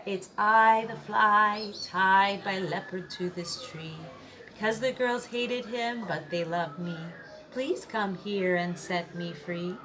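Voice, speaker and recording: A woman's voice: mid-range voice, slow pace, crowd noise, natural voice. Sing-song pleading fly in a storybook; woman reader plays it. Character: small vain fly tied to a tree.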